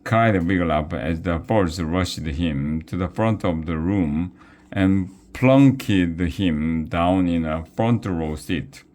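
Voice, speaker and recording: A man reading a children's novel aloud, slow and careful, with small restarts. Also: low voice, a little mellow. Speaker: reader.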